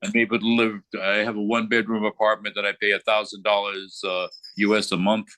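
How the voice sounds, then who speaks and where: A gruff older man with a fairly low voice tells his story in a loose, conversational way. He swears freely and speaks bluntly. His voice rises sharply when he gets worked up. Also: brisk, dry recording. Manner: blunt, profane, animated when retelling. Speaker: veteran interviewee. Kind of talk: casual storytelling interview. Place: remote call from abroad.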